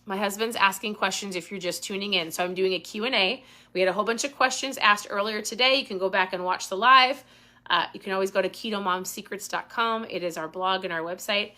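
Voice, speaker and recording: Bright, intense woman host. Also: medium pitch, brisk. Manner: intense, gets worked up. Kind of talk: casual live Q&A.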